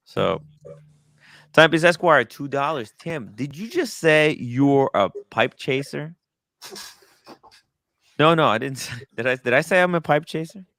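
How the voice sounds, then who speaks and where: A man's voice: fairly high pitch, lively intonation, unhurried, pauses often, a bit bright, no room sound. A man hosting a casual livestream chat about watches, rambling with many fillers and restarts. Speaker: watch podcast host. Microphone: studio mic.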